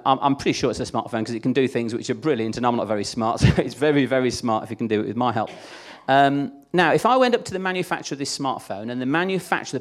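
A man preaching a sermon in a chatty, conversational way, acting out the voices he quotes. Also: mid-range voice.

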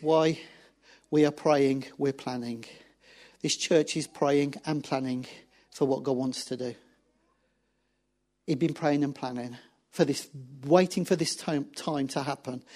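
A man, a pastor preaching a sermon and acting out biblical dialogue as he tells the story. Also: fairly high pitch.

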